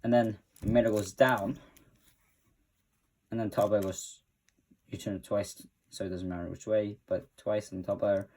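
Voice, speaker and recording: A man's voice: fairly low pitch, little pitch movement, normal speed, pauses often, a little mellow. A man hosting a casual spoken tutorial, talking in a stop-start way and correcting himself as he goes. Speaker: tutorial host.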